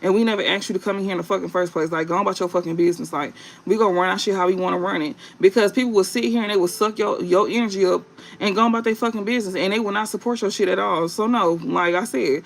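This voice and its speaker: High, gravelly-voiced man ranting profanely. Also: fairly bright tone. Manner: profane, blunt, scolding; drawn-out fillers and repeated phrases. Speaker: online tarot reader. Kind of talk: late-night livestream rant.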